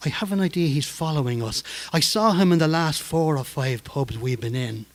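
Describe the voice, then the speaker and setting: An older man voicing a drunk, suspicious rural poet who speaks in a hushed, conspiratorial way. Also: on the high side, moderate pace, lightly acted.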